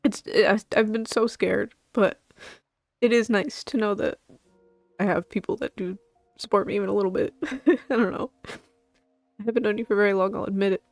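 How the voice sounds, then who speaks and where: A woman streaming to her chat, tearful and halting, rambling with nervous laughs between her words. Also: medium pitch, fairly even intonation, no echo, faint music behind. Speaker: VTuber streamer. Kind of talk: emotional livestream talk to chat.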